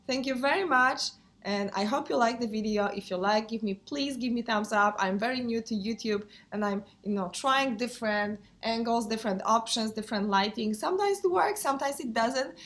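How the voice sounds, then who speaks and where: A woman speaking English in a casual handbag review vlog. She has a cold, so her voice sounds under the weather. She talks in a hesitant, friendly way, and her sentences are dotted with pauses and fillers. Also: fairly high pitch, fairly bright tone. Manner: hesitant, many fillers, non-native phrasing. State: sick, voice affected. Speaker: handbag vlogger.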